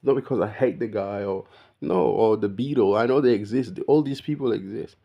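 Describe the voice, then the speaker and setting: A man's voice: on the low side, fairly quick, gravelly, dull audio. A man talking casually straight to the viewer in a rambling monologue, often calling the listener "bro" and mimicking the greetings of other people. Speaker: vlogger.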